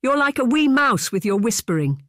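A blustering, drunken Scottish laird bellows and bullies at the dinner table, as an audiobook narrator puts him on. His voice jumps well above the narrator's usual pitch, loud and harsh in a dry, close recording. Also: very animated, moderate pace, no room sound. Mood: angry bellowing. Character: angry drunken Scottish laird, middle-aged man, bullying.

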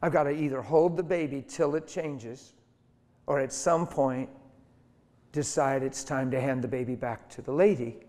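A man's voice: medium pitch, normal speed, a little mellow. A man preaching, emphatic and conversational as he tells a story from the pulpit. His voice sits in the middle range for a man. A long reverb hangs on each phrase, as in a church hall. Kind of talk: sermon storytelling.

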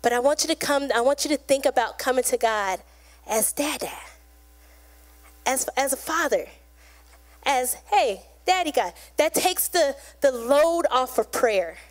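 A woman's voice: sits high, moderate pace. A woman preaching a sermon in a casual, conversational way, acting out little quotes as she goes.

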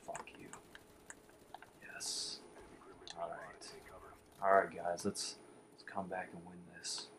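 A man commentates live over his shooter game, cursing frequently, calling himself the Warlock in the third person, and alternating between mumbled whispers and angry outbursts. His lowish voice is a bit bright, and there's a slight hiss or hum.

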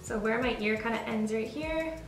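Casual beauty vlogger woman, talkative and self-mocking; recorded a bit off-mic in a roomy space with soft music under her. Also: a little high, moderate pace, far from the mic. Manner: chatty and self-deprecating. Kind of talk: casual makeup tutorial.

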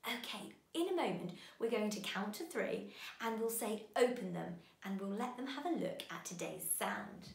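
A woman teaching a children's phonics lesson, giving bright, sing-song encouragement to young learners. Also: medium pitch, animated, normal speed, creaky, echoey room.

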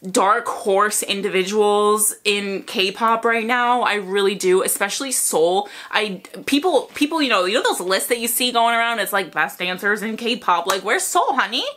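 A woman reacting to a music video, gushing, swearing and squealing with excitement as she comments. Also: medium pitch, moderate pace, hardly any pauses. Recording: loud music under voice. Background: music video playing.

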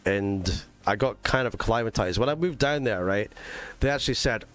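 A man's voice: lowish voice, lively intonation, moderate pace, a bit bright. A man with a mixed English and Scottish accent streaming a racing game live, chatting casually to his viewers with lots of fillers. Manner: chatty, rambling, talks to chat with fillers. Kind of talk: live gaming stream chat.

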